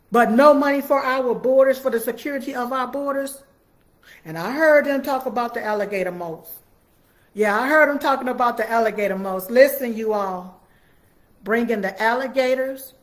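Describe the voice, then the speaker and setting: Woman, slightly high voice, fiery repetitive livestream commentator. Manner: fiery, repetitive, preachy, talks straight to viewers. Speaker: political commentator answering viewers.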